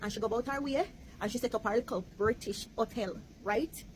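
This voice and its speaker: A woman's voice: a little high, fairly quick, slight background noise, poor audio. Jamaican woman telling a story in patois. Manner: lively, chatty, drops into patois. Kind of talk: casual storytelling to camera.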